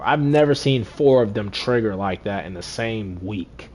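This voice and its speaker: Low-voiced man commentating his football game. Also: unhurried. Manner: talks to himself, repeats phrases, swings between deflated and excited. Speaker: gaming streamer.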